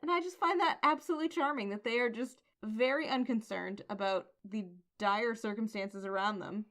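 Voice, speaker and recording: Playful female podcast co-host, higher voice. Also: normal speed, fairly bright tone. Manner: playful, amused, quotes characters in a light voice. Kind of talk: casual chat recapping comics.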